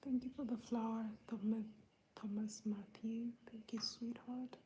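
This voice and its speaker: A woman from Uganda hosting a live stream, greeting viewers one by one in a soft, laid-back, whispery way while feeling under the weather. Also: fairly high pitch, little pitch movement, a little slow, a little hiss or hum, low-quality recording. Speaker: livestream host greeting viewers.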